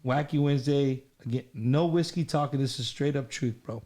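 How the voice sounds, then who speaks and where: A man's voice: mid-range voice, moderate pace, mellow. A man hosting a group talk show, telling a long story in a rambling, profane way, repeating himself often. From Texas. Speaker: host. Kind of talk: loud storytelling in group chat.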